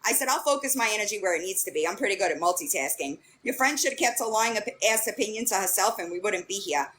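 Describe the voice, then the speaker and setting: A woman's voice: mid-range voice, lively intonation, fast, fairly bright tone, slight background noise. A young woman hosting a livestream, bluntly retelling an argument line by line with plenty of swearing. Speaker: livestream host. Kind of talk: casual livestream rant.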